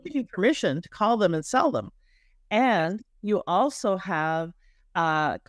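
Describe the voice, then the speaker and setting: Canadian woman, middle-aged, a lively marketing coach, mid pitch, dry close recording. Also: dry recording. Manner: animated and emphatic, with repetitions and restarts. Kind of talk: conversational podcast interview.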